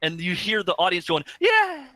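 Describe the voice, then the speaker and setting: A man co-hosting a casual gaming podcast, telling stories with animated reenactments of crowd reactions. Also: fairly high pitch, a little fast, dry recording. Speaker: podcast co-host.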